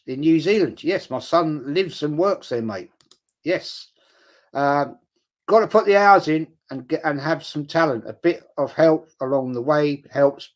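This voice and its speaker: A middle-aged man chats bluntly on his livestream and reads out comments from viewers. His voice sits a little on the high side for a man. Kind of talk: casual livestream chat.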